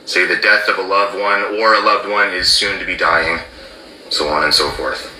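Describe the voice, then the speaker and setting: A man with a lower-set voice gives emphatic commentary, leaning hard on key words. His tone is very bright and sharp. The sound carries a roomy echo. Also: fairly even intonation, moderate pace, slight background noise. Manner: emphatic, repeats key words, asks "okay?". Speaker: former border officer commentator. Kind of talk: explanatory commentary.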